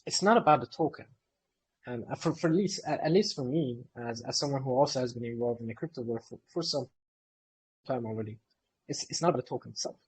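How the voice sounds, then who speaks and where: A man's voice: medium pitch, fast, breathy edge, rough recording. A man who co-founded a company, answering community questions in a live Q&A session in an eager, explanatory way.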